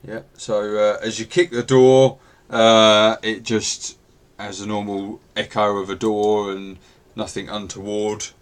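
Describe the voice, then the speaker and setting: A man running a tabletop role-playing game as game master over a video call, describing scenes in a relaxed, self-deprecating way with filler pauses. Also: fairly low pitch, clear, resonant tone.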